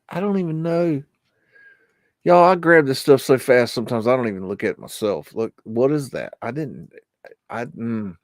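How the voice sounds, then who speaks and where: A man's voice: medium pitch, animated, a little slow, dry recording. Guy hosting a live stream, rambly and jumpy, mutters and cusses, dry close sound. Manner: rambling, hesitant, easily spooked; swearing, muttered exclamations. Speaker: livestream host. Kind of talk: live commentary on archive photos.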